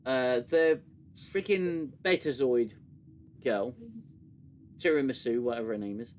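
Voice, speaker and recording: A man's voice: medium pitch, lively intonation, unhurried, a little mellow, slight background noise. A man hosting a casual review chat, sarcastic and exasperated, often restarting his sentences. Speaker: podcast host.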